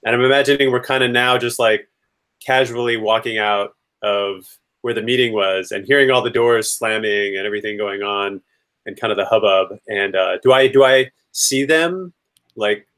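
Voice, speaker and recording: A man's voice: on the low side, moderate pace, fairly bright tone. Man, tabletop player, casual, rambling, lots of fillers. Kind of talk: casual tabletop role-play chat.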